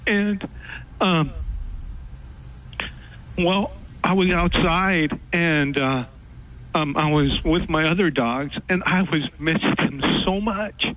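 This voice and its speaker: Guy calling in, stumbles and pauses a lot, emotional. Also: a little high, fairly bright tone, a little hiss or hum, rough recording. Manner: halting, emotional, many fillers. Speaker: caller. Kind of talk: call-in radio talk.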